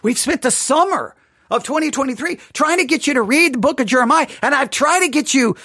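A Bible teacher giving a dramatic, animated study lesson, acting out people's reactions and dropping to a hush when reading scripture. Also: high-pitched, a little fast, dry recording, clean studio sound.

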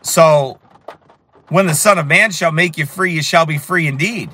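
A fiery man preaching in a high, bright voice that cuts through. He tells his story with strong emphasis and builds to shouts. His tone stays sharp and forceful. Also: moderate pace, breathy edge. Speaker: street preacher. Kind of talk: preaching while telling a story.

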